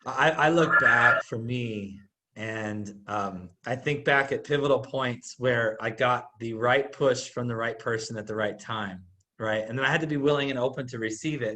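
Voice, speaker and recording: Guy hosting a chat, thoughtful, lots of ums, mid pitch. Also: moderate pace, pushed and bright. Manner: reflective, asks long questions with filler words. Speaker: host. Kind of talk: casual interview.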